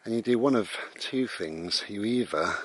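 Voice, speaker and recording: A man's voice: fairly low pitch, lively intonation, normal speed, husky. A British man rambling conversationally about mindfulness, with frequent restarts, as he walks his dog outdoors. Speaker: vlogger. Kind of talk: casual spoken reflection on mindfulness.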